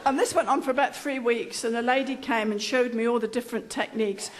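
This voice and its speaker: A middle-aged woman with a high voice tells a comic anecdote on stage. Her delivery is dry and self-mocking, chatty, and easygoing. She keeps a warm storyteller's rhythm. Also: fairly even intonation, fast talker, noisy background. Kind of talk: humorous anecdote told on stage.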